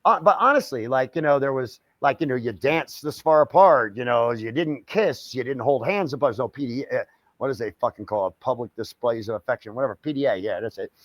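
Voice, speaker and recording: A man's voice: mid-range voice, fairly quick, no echo, highs cut off. An older man co-hosting a casual podcast chat, rambling and swearing constantly, often laughing. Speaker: podcast co-host.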